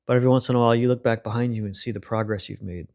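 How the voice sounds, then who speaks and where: A man hosting a podcast, reading a children's storybook aloud in a calm, unhurried way. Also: mid-range voice. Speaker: podcast host and reader.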